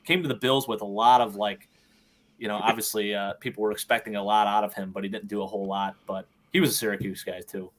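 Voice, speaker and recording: A man's voice: on the low side, flat delivery, fast talker. A man hosting a sports podcast, talking casually with plenty of enthusiasm. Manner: enthusiastic, upbeat. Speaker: podcast host.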